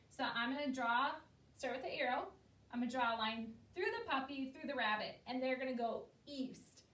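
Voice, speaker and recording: A woman teacher with a fairly high voice walks young children through a recorded lesson one step at a time. She speaks patiently and clearly. She stands a little back from the mic in a room with a lot of echo. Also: a bit bright, far from the mic. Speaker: elementary school teacher. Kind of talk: recorded remote classroom lesson.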